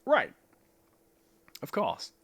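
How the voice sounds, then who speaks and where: A man's voice: drawn-out words, fairly bright tone. A man co-hosting a live stream, chatty and opinionated, often checking in with "you know". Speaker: podcast co-host. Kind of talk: casual live-stream chat.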